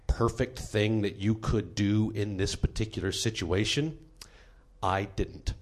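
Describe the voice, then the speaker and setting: A man with a fairly low voice starting a funny story about himself. He pokes fun at himself with a light, upbeat lead-in. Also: steady tone, a little slow, soft background music. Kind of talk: comic personal storytelling.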